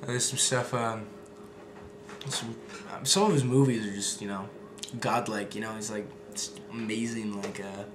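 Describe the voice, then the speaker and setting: A young male video maker rambles casually in a vlog chat, full of fillers and swearing. His voice is fairly low and steady at a moderate pace. He is recorded in an echoey room with background noise.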